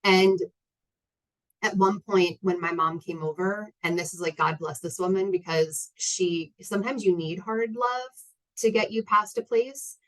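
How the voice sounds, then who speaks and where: A woman's voice: medium pitch, fairly even intonation, a little slow, rough recording. A woman in her thirties telling a personal story to an audience, candid and rambling with many fillers and restarts. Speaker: guest speaker.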